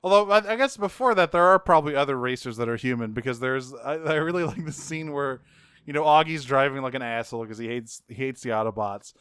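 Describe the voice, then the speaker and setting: A man's voice: mid-range voice, fast, fairly bright tone, clean tone, dry recording, clean studio sound. A man co-hosting a podcast, recapping a cartoon in laid-back, joking chat with some swearing. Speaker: podcast co-host.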